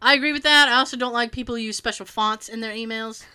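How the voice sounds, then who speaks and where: A woman in her thirties hosting a casual chat, animated and profane, laughing often. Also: fairly high pitch, fast, clean tone. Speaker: podcast host.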